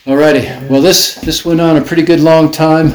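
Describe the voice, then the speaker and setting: A man's voice: on the high side, little pitch movement, normal speed. A man leading a casual church group discussion, talking informally with many fillers and restarts. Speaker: Bible study leader. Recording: echoey room, faint background noise.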